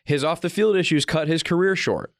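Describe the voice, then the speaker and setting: A man's voice: fairly high pitch, a little fast, creaky, no room sound, studio quality. A man co-hosting a sports radio show, adding short remarks and agreement in casual talk. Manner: brief agreeing interjections.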